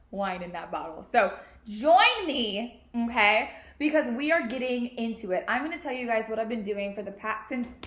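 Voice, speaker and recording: Speaking in a slightly high, fairly bright voice, a woman in her twenties hosts a laid-back podcast from her home. She's talkative and bubbly and swears and laughs without holding back. The podcast mic captures noticeable room echo.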